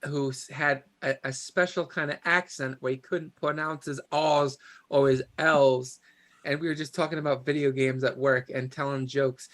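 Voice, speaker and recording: A man guesting on a comedy podcast, wry and quick with movie quotes. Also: mid-range voice, level tone, fairly bright tone. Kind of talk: casual chat.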